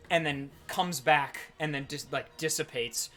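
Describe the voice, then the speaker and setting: A man running a tabletop role-playing game, narrating action in a quick, animated rush full of fillers. His voice is bright and a little high for a man, with faint music behind him. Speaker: game master.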